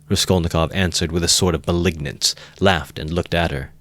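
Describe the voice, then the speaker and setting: A man calmly narrating a novel as an amateur audiobook reader, in a measured way close to the mic. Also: low-pitched.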